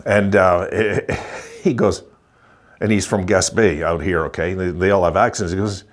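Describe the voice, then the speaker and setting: A man in his sixties giving an excited, chuckling postgame rant as a hockey vlogger, repeating himself for emphasis. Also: sits low, unhurried. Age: 60s. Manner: gleeful, chuckling, emphatic repetition.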